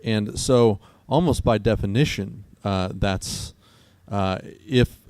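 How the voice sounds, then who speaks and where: A man co-hosting a casual debate conversation, talking haltingly with many fillers and restarts. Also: fairly low pitch, darkish tone, no room sound. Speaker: co-host.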